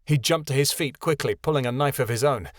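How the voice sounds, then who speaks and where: A man reading a fantasy audiobook aloud, measured and expressive, with a voice of middling pitch. The recording is dry and close, with no room echo. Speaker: audiobook narrator. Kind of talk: scripted narration.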